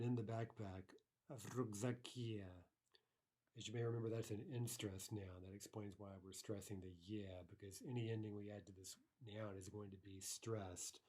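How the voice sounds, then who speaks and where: A man giving a recorded grammar lesson, patiently saying each phrase slowly twice, with fillers and self-corrections. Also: fairly low pitch, a little mellow. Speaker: language teacher.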